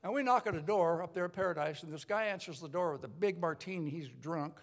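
An older man, a pastor, telling his story in a sermon, lively, with many restarts and acted-out voices. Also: on the high side, fast talker. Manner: animated storyteller, acts out voices, rambling restarts. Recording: long hall reverb.

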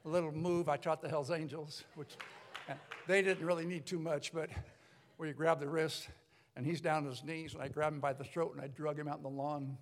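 An older man, a pastor, telling his story in a sermon, lively, with many restarts and acted-out voices. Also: on the high side, a little fast. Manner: animated storyteller, acts out voices, rambling restarts. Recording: long hall reverb.

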